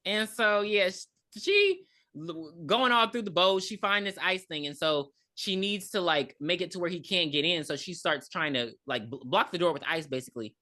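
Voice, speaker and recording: A woman co-hosts a casual movie review podcast with a lowish voice that still sounds bright and forceful. She talks bluntly, swears freely and laughs a lot as she retells the plot. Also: animated, moderate pace. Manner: blunt and profane, laughing often. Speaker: podcast co-host.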